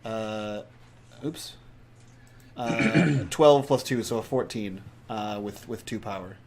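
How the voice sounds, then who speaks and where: Male player, lowish voice, muses and hedges, casual game-table talk. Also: slow, a little mellow, a little hiss or hum. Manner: thinks aloud with fillers.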